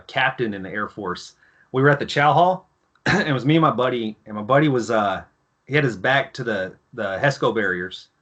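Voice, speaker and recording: A man in his thirties, a former Marine guest, telling profane, animated stories in casual podcast chat. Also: medium pitch.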